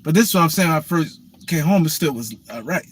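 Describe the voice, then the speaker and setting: A man spins a loose, profane story in casual chat. His voice sits fairly high for a man. He keeps restarting sentences and tossing in "you know what I'm saying.". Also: expressive, fast, breathy edge.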